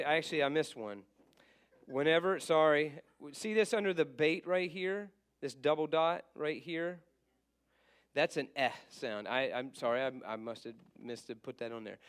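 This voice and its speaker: A man teaching a casual class. He asks questions and answers them himself, and he stops to fix his slips. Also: on the high side.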